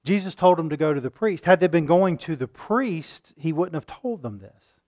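Male preacher, fairly high voice, teaching tone with rhetorical questions. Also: normal speed. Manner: shifts between calm teaching and loud acted-out pleading. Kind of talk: sermon.

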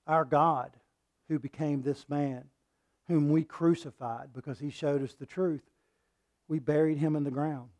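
A male preacher delivering a sermon, reading scripture and swinging between loud, forceful passages and hushed ones. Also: fairly high pitch, steady tone, measured pace. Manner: reads scripture aloud and acts out quoted lines.

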